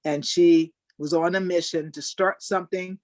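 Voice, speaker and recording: An older woman, a Special Olympics athlete, telling animated stories in a webinar interview over a video call. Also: lowish voice, moderate pace, no echo. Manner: animated storyteller, acts out quoted people. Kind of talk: storytelling in an interview.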